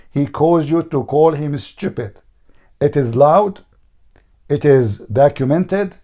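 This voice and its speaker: Hoarse, high-voiced man debating and mocking. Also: darkish tone. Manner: mocking, insistent, repeats questions. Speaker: debate show host. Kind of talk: heated live debate.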